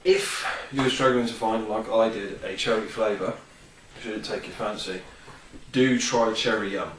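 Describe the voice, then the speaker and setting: A man with a lowish voice reviews a product in a casual, rambling vlog, speaking at a measured pace and full of ums and enthusiasm. The recording sounds roomy and distant from the mic, with background noise.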